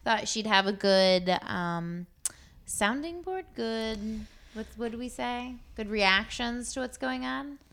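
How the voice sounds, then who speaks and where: A woman's voice: on the high side, lively intonation, slow, vocal fry, fairly bright tone, clean tone. A woman co-hosting a casual podcast, playful and giggly, tossing in jokey asides. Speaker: podcast co-host.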